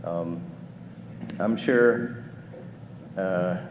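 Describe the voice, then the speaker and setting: Preacher asking questions in an echoey church hall. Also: male voice, sits low. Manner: asks the congregation questions, halting restarts. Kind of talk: conversational sermon. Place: church auditorium. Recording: echoey hall with faint background noise.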